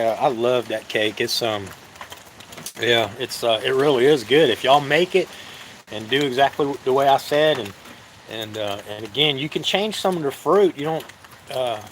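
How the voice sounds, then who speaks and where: A man hosting a live cooking stream, talking casually to viewers in a halting, easygoing way with many fillers. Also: mid-range voice, fairly bright tone, a little hiss or hum, poor audio.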